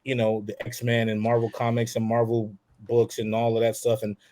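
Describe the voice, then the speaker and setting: A man telling a childhood story as a podcast guest, animated, acting out the voices of people in it. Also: mid-range voice, normal speed. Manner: animated, acts out quoted voices. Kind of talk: casual storytelling.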